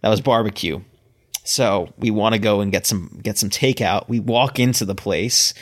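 A man from Maryland with a lowish voice co-hosts a casual podcast chat. He rambles, restarting his sentences as he goes. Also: normal speed. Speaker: podcast co-host.

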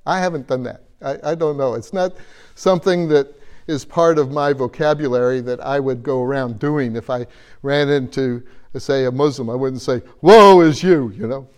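A man's voice: mid-range voice, fairly even intonation, normal speed, darkish tone, clean tone. A man preaching a conversational sermon, earnest, asking his listeners questions and repeating phrases for emphasis.

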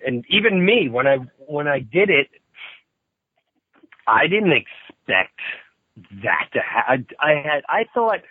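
A man guesting on a podcast by phone, telling a story in a lively way and acting out the voices of the people he quotes. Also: mid-range voice, no room sound. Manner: animated storyteller who acts out quoted voices. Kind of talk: casual phone interview. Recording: tinny phone line, dry.

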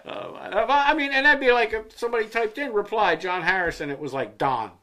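Bright-voiced joking New podcast host. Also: male voice, high-pitched, fairly quick. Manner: rambling, joking, profane storyteller. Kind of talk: casual podcast chat.

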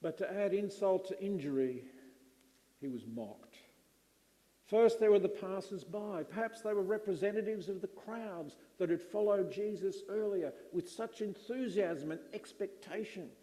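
A middle-aged man preaching a sermon, slow and emphatic with dramatic pauses. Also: sits high, dark tone, long reverb tail.

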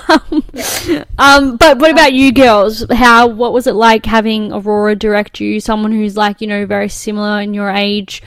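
An upbeat woman hosting a chatty interview, her voice at a middle pitch. She sounds dry and close to the mic and asks long, rambling, encouraging follow-up questions. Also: flat delivery, normal speed, a bit bright, no room sound. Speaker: podcast host. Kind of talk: casual interview chat.

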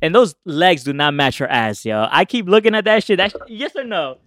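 A young man trading crude, slang-heavy banter on a casual podcast. His voice sits high and swings widely in pitch with a bright edge. The sound is close and dry. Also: expressive, a little fast, no room sound. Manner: loose, profane slang-heavy banter, laughs often. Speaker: podcast co-host. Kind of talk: casual chat.

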